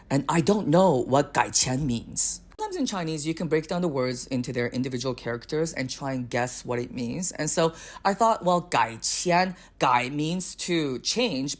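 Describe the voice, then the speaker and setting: Woman comedian from Canada, lively swooping delivery, lowish voice, exasperated. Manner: animated, exasperated, rises to near-shouting punchlines. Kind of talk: comedic storytelling.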